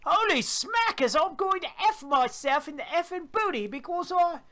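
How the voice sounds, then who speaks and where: A man doing a put-on Australian accent that drifts British, voicing an excited woman who has just seen a huge crocodile. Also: very high-pitched, normal speed, voice pushed up, heavily acted.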